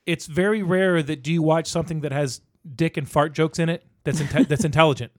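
A man's voice: fairly high pitch, fairly even intonation, a little fast, no echo, clean studio sound. A middle-aged man co-hosting a podcast, talking in a rambling, casual way with lots of restarts and fillers. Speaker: podcast co-host.

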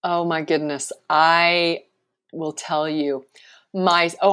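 A woman's voice: fairly low pitch, steady tone, takes it slowly, a bit bright. A woman in her forties, a professional speaker, talking animatedly and emphatically as a guest in a casual interview, often laughing.

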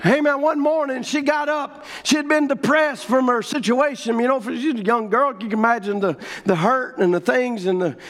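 A middle-aged man preaching with a drawl and a strikingly high voice. He builds fervently into shouted declarations before dropping back to a plainer storytelling tone. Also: moderate pace, hardly any pauses. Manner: fervent, shouting, rising to proclamations. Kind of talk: revival sermon.

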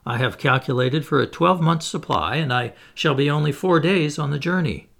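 A man voicing a confident, witty male adventurer who calmly answers every objection. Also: fairly high pitch, moderate pace, creaky. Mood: assured. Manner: cheerful, assured, explanatory.

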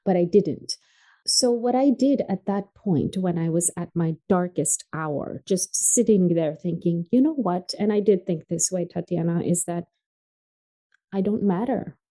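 Woman from tanzania on a podcast, mellow warm tone, earnest, gets quiet and low on the hard parts. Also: a little slow, rough recording. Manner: earnest and emphatic, drops soft and low on painful points. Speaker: podcast guest. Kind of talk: heartfelt personal storytelling.

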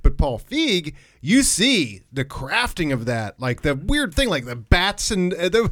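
A man's voice: a little high, big pitch swings, a little slow, fairly bright tone, dry recording, clean studio sound. A man hosting a movie podcast, chatting enthusiastically and rambling with restarts as he makes his point. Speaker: podcast host. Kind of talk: casual movie chat.

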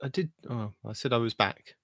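A man's voice: medium pitch, a little fast, a bit bright, dry recording, clean studio sound. A man hosting a gaming podcast, joking and laughing at himself. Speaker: podcast host. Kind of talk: casual gaming podcast chat.

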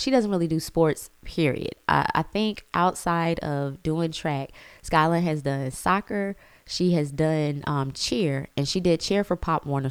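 Low, smooth-voiced woman telling a story. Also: no room sound. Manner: chatty, says y'all, acts out quotes. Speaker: vlogger. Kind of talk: casual storytelling.

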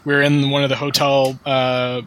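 Chill guy telling a con story, bright voice, swears constantly. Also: mid-range voice, monotone, normal speed. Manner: laid-back storyteller, swears a lot. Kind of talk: casual podcast chat.

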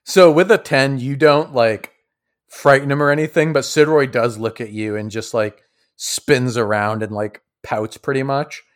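A man runs a tabletop role-playing session as game master. He narrates in a loose, easygoing way, with fillers and small chuckles. His voice sits at an everyday middle pitch. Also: fairly even intonation, normal speed. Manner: laid-back, chuckling, lots of fillers.

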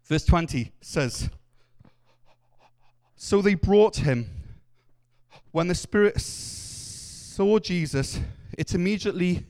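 A man with a high, clear, smooth voice preaches a Sunday sermon in a church. He speaks earnestly and acts out the voices in his stories. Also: expressive, slow, pauses often, a little mellow.

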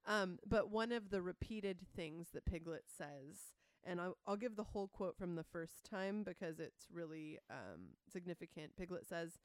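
A woman's voice: lowish voice, lively intonation, moderate pace, few pauses, smooth, no echo. A woman co-hosting a podcast in casual chat, explaining her thinking in a thoughtful, analytical way. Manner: thoughtful, analytical, reads quotes aloud. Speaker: podcast co-host.

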